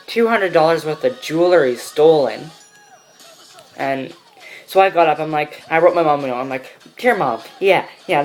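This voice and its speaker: A man's voice: on the high side, poor audio. A teenage boy telling a personal story in a casual vlog, rambling with many fillers. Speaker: vlogger.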